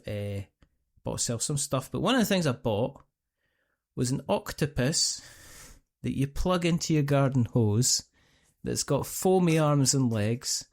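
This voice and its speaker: A man's voice: mid-range voice, a little mellow. A middle-aged man with a Scottish accent hosting a podcast, telling stories in a rambling, chatty way and often restarting his sentences. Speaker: podcast host. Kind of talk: casual chat.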